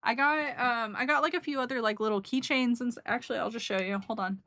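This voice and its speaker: A woman's voice: on the high side, quick pace, fairly bright tone, slight background noise. A young woman casually recapping a trip for her stream, rambling and emotional, with giggles and lots of fillers. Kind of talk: casual chat.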